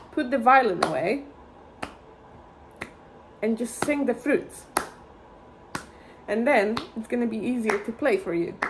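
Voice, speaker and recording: A woman's voice: a little high, noisy background. A woman teaching a violin lesson, explaining rhythms patiently and chanting fruit words to count them out.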